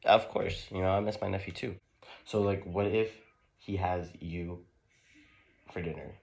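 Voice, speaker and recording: A man's voice: deep voice, fairly even intonation, creaky, a little mellow. A man playing a pair of young college bros in a skit, trading slangy banter full of "bro" and "man.". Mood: joking banter. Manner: laid-back, drawn-out "bro" and "man" slang.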